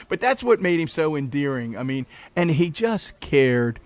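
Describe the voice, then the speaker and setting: A middle-aged man as a podcast guest, telling animated anecdotes with frequent laughs in a cafe interview. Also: a little high, normal speed, few pauses. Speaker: podcast guest, former county executive. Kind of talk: casual interview storytelling.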